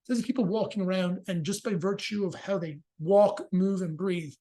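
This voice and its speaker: A man explaining breathing physiology in a casual interview, fast and joking, with frequent swearing. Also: high voice, fairly even intonation, warm tone. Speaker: movement and rehabilitation practitioner, guest.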